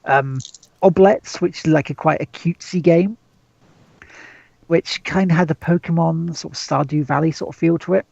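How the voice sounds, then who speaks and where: A man's voice: a little high, steady tone, moderate pace, vocal fry, darkish tone. A man hosting a gaming podcast, rambling with fillers and reading out viewer chat. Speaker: podcast host. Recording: dull dry lo-fi mic.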